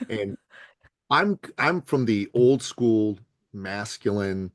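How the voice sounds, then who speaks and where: A man's voice: lowish voice, slow pace, no room sound. An older man, a podcast guest, telling a story in conversation and acting out the people he quotes. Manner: lively storyteller who acts out the people he quotes.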